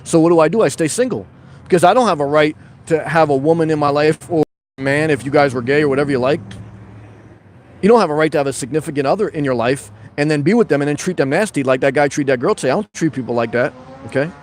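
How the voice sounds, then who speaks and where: A man's voice: fairly high pitch, quick pace, slight background noise. A man hosting a casual livestream, reading viewer comments and telling a rambling story full of restarts and "okay?".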